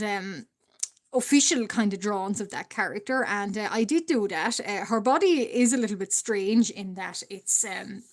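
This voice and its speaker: A woman with an Irish accent chatting hesitantly with her livestream viewers while she draws, with many fillers and frequent small laughs. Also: mid-range voice. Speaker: art livestreamer. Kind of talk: casual livestream chat while drawing.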